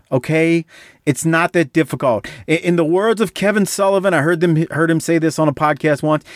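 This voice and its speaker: A man's voice: a little high, a little fast, dry recording. Man, podcast host, casual chat, rambling, restarts a lot, dry close sound. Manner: rambling, animated, many restarts.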